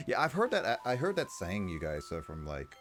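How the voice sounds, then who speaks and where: Streamer, male, casual and self-mocking, low voice with a lively swing, faint game music underneath. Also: fairly quick. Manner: rambling, stop-start, self-mocking. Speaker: livestreaming gamer. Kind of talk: casual chat while playing. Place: home room, fan running.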